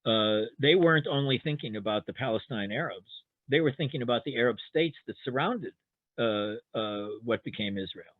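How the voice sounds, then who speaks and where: A man's voice: medium pitch, animated, moderate pace, no room sound. An older man, a historian guest in an academic webinar, talking hesitantly with many restarts and fillers over a video call. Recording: tinny phone-like line, dry.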